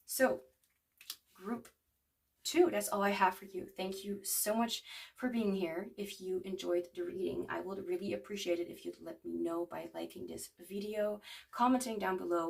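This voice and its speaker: A woman's voice: mid-range voice, gravelly, far from the mic. A woman in her twenties giving a casual tarot reading to viewers, rambling with lots of fillers. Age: 20s. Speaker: tarot card reader.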